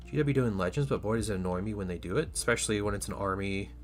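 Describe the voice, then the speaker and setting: A man's voice: fairly low pitch, fast, faint music behind. A man hosting a casual livestream while he paints miniatures, rambling and chatty with lots of restarts, and tired today.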